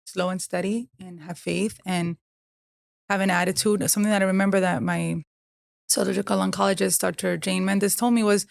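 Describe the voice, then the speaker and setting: Heartfelt woman with a gravelly voice. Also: mid-range voice, steady tone, normal speed, no echo. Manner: earnest, heartfelt, many fillers. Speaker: guest, cancer survivor. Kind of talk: candid conversational storytelling.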